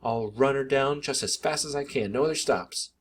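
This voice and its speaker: A man's voice: medium pitch, normal speed, slight background noise, lightly acted. A man reading aloud, voicing a courteous, obliging elevator operator.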